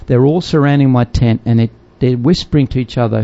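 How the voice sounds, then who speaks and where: A man's voice: medium pitch, brisk, creaky, warm tone. An older man, a missionary, telling a story in a casual chat, acting out voices and laughing often. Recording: dull lo-fi sound.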